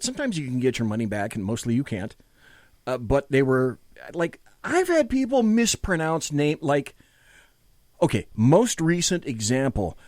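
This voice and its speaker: A male talk show host with a lively, up-and-down voice, rambling excitedly and swearing freely as he tells his stories. He is heard on a close, dry studio mic. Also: medium pitch, no echo. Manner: excitable, rambling storyteller with cursing. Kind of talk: casual late-night talk show banter.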